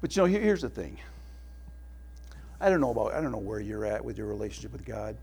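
A middle-aged male pastor giving a sermon, telling family stories with laughs and dropping to a hushed tone for prayer. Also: lowish voice, sing-song, quick pace, vocal fry, breathy edge.

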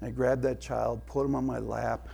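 A middle-aged male pastor giving a sermon, telling family stories with laughs and dropping to a hushed tone for prayer. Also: medium pitch, little pitch movement, moderate pace, vocal fry, slightly rough.

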